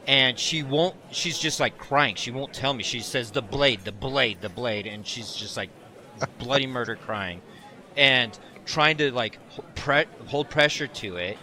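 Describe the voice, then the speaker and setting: A man co-hosting a podcast, telling a story in a casual, animated way and laughing often. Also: medium pitch, measured pace. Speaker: podcast co-host.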